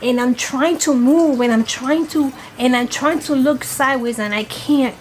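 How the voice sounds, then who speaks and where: For a storytime vlog, a woman tells a scary story dramatically and emphatically, swearing as she goes. Her voice sits high at a moderate pace, with slight background noise.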